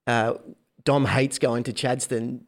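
A man's voice: medium pitch, level tone, takes it slowly. A man sharing anecdotes in a casual podcast chat. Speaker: co-guest.

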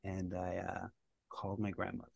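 A middle-aged man, a guest, recounting his life story in a casual, animated way and laughing at his own memories. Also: low-pitched, normal speed, creaky, husky, dry recording, studio quality.

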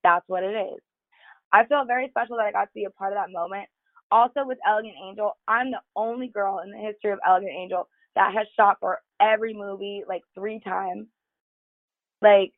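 Woman guest, gravelly voice, dry tinny phone-quality line, profane, candid casual storyteller. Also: mid-range voice, no echo. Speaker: podcast guest. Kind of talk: casual chat.

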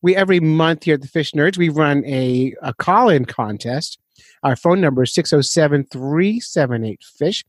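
A man's voice: on the high side, expressive, moderate pace, dry recording. Male podcast host, loose and self-deprecating, chatty reads with a dry close mic. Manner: rambling, self-deprecating, chuckles often. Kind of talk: casual chat.

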